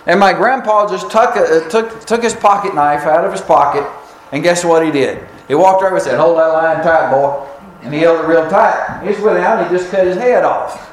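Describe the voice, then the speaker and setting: A high-voiced man preaches a sermon, spinning a folksy story with long, drawn-out pauses. His voice carries through an echoey church room over a faint hum of ambience.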